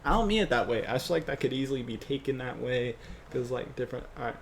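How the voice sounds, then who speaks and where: A man muses aloud to himself, in a mid-pitched, everyday voice, asking himself questions as he works. His talk is loose and unscripted, with faint hiss behind it. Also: fast. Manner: muttering to himself, self-questioning. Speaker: fan scriptwriter. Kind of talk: thinking aloud while writing.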